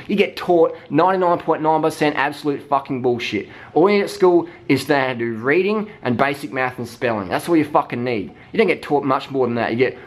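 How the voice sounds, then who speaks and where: A man ranting heatedly, swearing constantly and mimicking people in mocking voices. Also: medium pitch. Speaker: vlogger. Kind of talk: profane rant.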